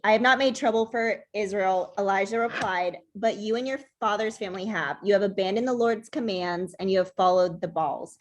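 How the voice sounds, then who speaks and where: A woman's voice: mid-range voice, brisk, hardly any pauses. A young woman leading a Bible study group, reading a scripture passage aloud in a plain voice and stumbling over unfamiliar names.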